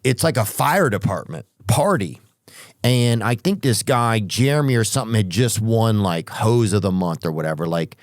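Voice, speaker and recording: A man hosting a podcast, telling rambling comic stories with profanity and drawn-out asides. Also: lowish voice, darkish tone, no room sound, clean studio sound. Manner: profane, drawn-out asides, sudden character voices. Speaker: podcast host.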